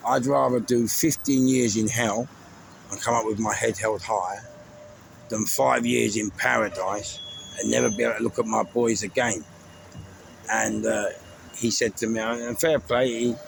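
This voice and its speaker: Gravelly London man telling stories. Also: medium pitch. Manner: chatty, rambling, laughs at his own stories. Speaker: storyteller recounting his life. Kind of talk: casual storytelling. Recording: noisy background with traffic.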